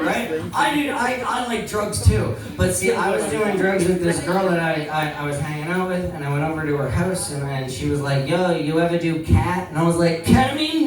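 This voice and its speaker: A man performing stand-up in a small club, rambling and self-deprecating, swearing freely. His voice sits fairly high. He is heard from a distance in a very echoey room, with the crowd murmuring around him. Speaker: stand-up comedian. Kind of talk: open-mic stand-up set with crowd work. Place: small comedy venue.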